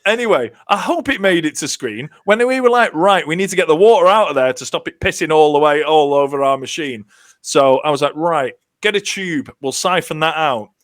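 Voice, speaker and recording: A man chatting casually on a podcast as a lively storyteller who acts out the lines he quotes. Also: fairly high pitch, fairly quick, no room sound, clean studio sound. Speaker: contestant telling a story.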